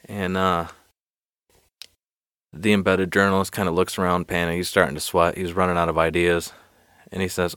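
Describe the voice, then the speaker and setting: A man's voice: deep voice, little pitch movement, moderate pace, pauses often, fairly bright tone, clear, resonant tone, no room sound. A man hosting a solo podcast, telling a joke in a rambling, self-deprecating way and laughing often. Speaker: podcast host.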